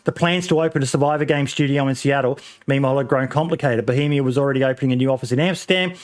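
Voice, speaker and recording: A man's voice: mid-range voice, rapid-fire. A man hosting a casual gaming podcast, talking in long rambling stretches full of ums and false starts. His voice sits in an ordinary middle register, and he swears offhandedly. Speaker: podcast host.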